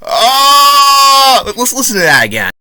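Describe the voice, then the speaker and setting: A man's voice: medium pitch, animated, fast talker, bright, forceful tone. A young man giving a casual, sarcastic and profane movie review. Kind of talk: casual film review commentary.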